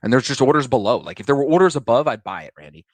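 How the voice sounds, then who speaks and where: A man's voice: mid-range voice, very animated, very fast, no room sound. A man hosting a live day-trading stream, talking casually and joking, swearing freely as he reads the market.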